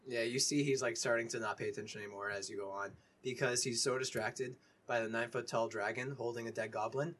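A man narrating as game master in a tabletop game, talking casually and haltingly with many fillers. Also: medium pitch, fairly even intonation, a bit bright, a little hiss or hum.

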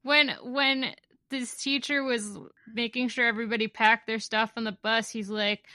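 A woman's voice: high-pitched, expressive, normal speed, bright, forceful tone, no room sound. A woman co-hosting a casual recap podcast, teasing her co-host and laughing often. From New Jersey. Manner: teasing, laughing, playfully corrective.

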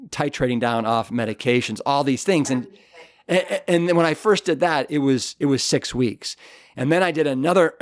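A man's voice: medium pitch, no echo. Earnest man telling stories, dry sound. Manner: earnest, enthusiastic, full of fillers and restarts. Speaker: author and guest. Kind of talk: conversational storytelling interview.

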